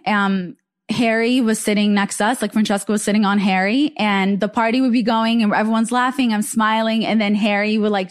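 Young female host, fairly high voice, chatty storyteller full of fillers. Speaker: podcast host. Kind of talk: casual chat.

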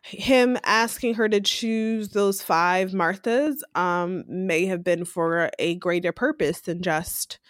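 A woman's voice: on the low side, steady tone, slow pace, no echo, studio quality. A woman co-hosting a podcast, chatting casually as she recaps a show and acts out quotes with frequent laughs. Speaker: podcast co-host.

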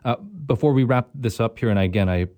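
A man's voice: mid-range voice, animated, fairly quick, dark tone, no room sound, studio quality. A man hosting a radio show, interviewing a guest in a sympathetic way and repeating words as he goes. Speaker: radio host.

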